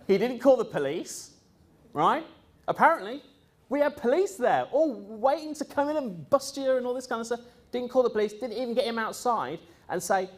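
A man with a very high-pitched voice speaks at a moderate pace, recounting events in a rambling, chatty way. Ums and uhs fill his many pauses and restarts, and he livens things up by mimicking others when quoting them.

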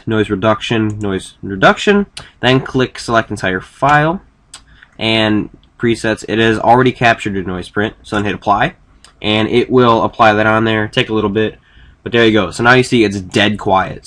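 A man's voice: on the low side, fairly bright tone. Casual, rambling man giving a tutorial. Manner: casual and rambling, self-correcting. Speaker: video tutorial maker. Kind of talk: casual screen-recorded software tutorial.

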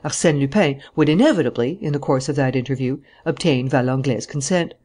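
An audiobook narrator reading a novel in a steady, even storytelling manner. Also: medium pitch, brisk. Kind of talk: scripted narration.

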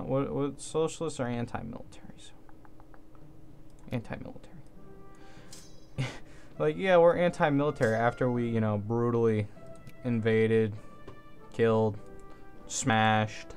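A man's voice: fairly low pitch, a little mellow. A man giving casual gameplay commentary, thinking aloud in an offhand way and swearing now and then. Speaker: let's play host.

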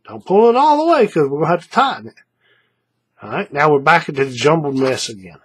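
A man with a slightly husky, breathy voice explains a paracord craft as he works with his hands. His pitch rises and falls in a lively way, and he keeps checking in with "right?" as he repeats each step. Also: quick pace.

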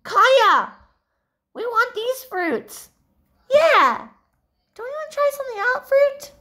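Indignant girl friend voiced by a woman, high and shrill, scolding in a toy drama. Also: big pitch swings, slow pace, pushed and bright, heavily acted. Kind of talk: toy play-acting drama.

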